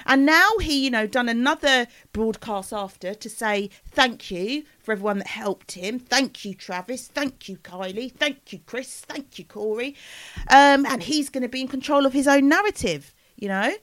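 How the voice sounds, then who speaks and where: A woman co-hosts a podcast, telling gossip in a casual, animated way. Her pitch swings widely as she jumps into impressions. The sound is dry and close. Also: normal speed, hardly any pauses, no echo. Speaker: podcast co-host.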